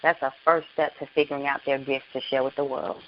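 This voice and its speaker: A woman's voice: very deep voice, flat delivery, fast. Earnest woman speaking with passion, muffled. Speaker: author and guest. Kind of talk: internet radio interview. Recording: muffled lo-fi with faint hiss.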